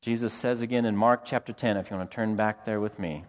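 A middle-aged man preaching a sermon, telling a family story with lively quoted voices. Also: lowish voice, quick pace. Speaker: pastor.

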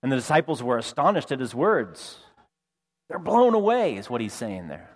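A middle-aged man preaching a sermon, telling a family story with lively quoted voices. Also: medium pitch, normal speed. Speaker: pastor.

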